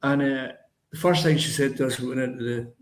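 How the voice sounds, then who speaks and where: An older man with a Lanarkshire Scottish accent, a musician telling animated stories as a guest in a casual chat. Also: medium pitch, fairly quick. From Lanarkshire, Scotland. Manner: animated storyteller, acts out others' voices. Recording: roomy echo.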